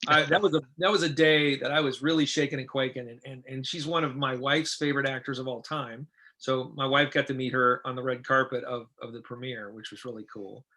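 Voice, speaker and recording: Bright, animated middle-aged man telling stories. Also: medium pitch, brisk. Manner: animated, quotes others in lively voices. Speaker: interview guest, film director. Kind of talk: casual anecdotal storytelling.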